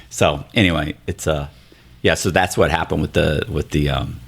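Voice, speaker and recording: Deep-voiced man telling an animated story. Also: normal speed, creaky, breathy edge. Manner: animated storyteller, often mimicking others' voices. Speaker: podcast guest. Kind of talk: casual storytelling conversation. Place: hotel room makeshift studio.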